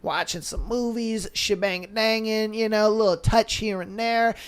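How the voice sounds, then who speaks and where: A young man hosts a podcast, chatting casually and reading listener stories aloud in a laid-back, slangy manner loaded with fillers like "bro" and "you know." His voice is high-pitched and smooth, with a steady tone at a moderate pace.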